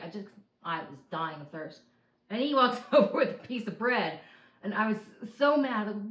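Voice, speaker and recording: A woman's voice: mid-range voice, lively intonation, a little fast. A woman in her thirties or forties at home on her couch, talking candidly to the camera in a rambling, sighing, venting way. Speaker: vlogger. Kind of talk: candid personal vlog. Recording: roomy, dull lo-fi home recording.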